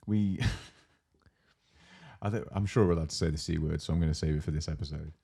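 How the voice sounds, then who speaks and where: A young man with a low, deep voice chats on a casual podcast. He tells workplace stories with gusto, acting out his coworkers' lines and swearing freely. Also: fairly even intonation, rapid-fire, creaky, warm tone, slightly rough. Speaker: podcast co-host. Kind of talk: casual chat.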